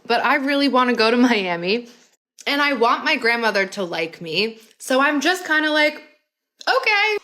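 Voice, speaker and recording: A woman's voice: on the high side, animated, normal speed, pushed and bright. Chatty young woman telling a story. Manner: chatty, many "like" fillers, wry asides. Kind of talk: casual storytime narration.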